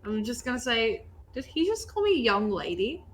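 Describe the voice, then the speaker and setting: A woman's voice: on the high side, sing-song, normal speed, slight background noise, poor audio. A woman with an Australian accent playing a tabletop game, playful and giggly, blunt when she speaks in character. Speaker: player.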